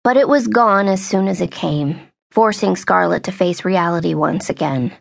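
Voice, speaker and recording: A woman narrating a young adult novel in a steady, measured storytelling voice. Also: fairly low pitch, vocal fry, no echo, studio quality. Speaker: audiobook narrator. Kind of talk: scripted narration.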